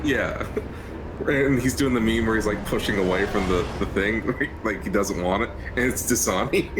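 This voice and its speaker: A man's voice: fairly low pitch, moderate pace, heavy background noise. A man chatting with friends on a stream, joking and giggling as he talks. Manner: giggly, jokey. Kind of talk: casual chat.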